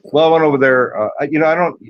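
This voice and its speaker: A man calling into a livestream, speaking hesitantly with many pauses and restarts. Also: a little high, no room sound. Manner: hesitant, full of ums and restarts. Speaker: caller. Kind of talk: casual call-in chat. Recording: dull lo-fi call audio.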